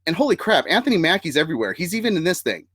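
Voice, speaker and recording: A man's voice: on the high side, very animated, rapid-fire, fairly bright tone, a little hiss or hum. A man hosting a casual live-streamed nerd podcast, upbeat and chatty, laughing often and using fillers. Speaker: podcast host.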